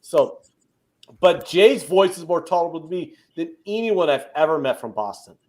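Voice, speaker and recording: A man from the Midwest rants emphatically on a casual betting podcast, swearing freely. His voice sits a little high. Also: expressive, moderate pace, darkish tone. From American Midwest. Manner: profane, emphatic ranting. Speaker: co-host.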